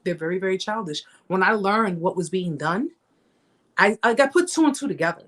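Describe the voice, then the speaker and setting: Woman host of a live stream, mid pitch, conversational and emphatic, acts out her anecdotes. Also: animated, fairly quick, a bit bright. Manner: conversational, emphatic, repeats herself; reenacts stories with raised pitch.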